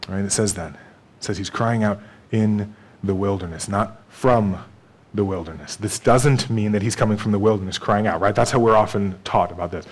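Man preaching a lively sermon. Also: lowish voice, moderate pace. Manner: animated, conversational preaching with acted-out dialogue and laughter. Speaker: pastor.

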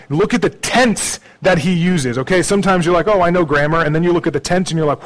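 A man preaching a sermon in a conversational way, tagging his points with "okay?" and "right?", moving between soft, low asides and raised, emphatic lines. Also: quick pace, hardly any pauses, poor audio. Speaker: pastor.

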